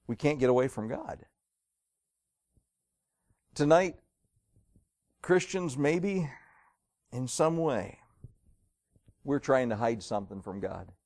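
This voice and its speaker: A male preacher delivers an evening sermon with dramatic storytelling. He reads old-style scripture with weight, pushes key lines loud, then drops to slow, quiet phrases. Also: medium pitch, animated. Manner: reads King James verses aloud, dramatic storytelling; swings between loud emphasis and quiet, slowed lines.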